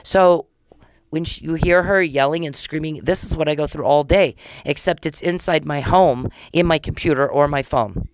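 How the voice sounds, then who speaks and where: A woman's voice: low voice, normal speed, clean tone, no echo. A woman from Texas hosting a solo podcast, talking in an agitated, repetitive rant. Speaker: podcast host.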